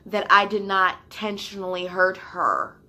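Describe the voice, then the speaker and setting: A young woman vlogs a storytime in a casual, slangy way, with plenty of swearing. Her voice is bright and forward, with a fairly typical pitch. She swings from animated outrage to near whispers. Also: measured pace. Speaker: vlogger.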